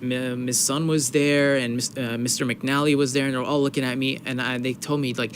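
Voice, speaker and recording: Man, podcast host, storytelling, animated, emotional, faint background noise. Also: medium pitch, brisk. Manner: animated storytelling, acting out quoted voices; emotional, open, swearing casually. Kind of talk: casual podcast chat.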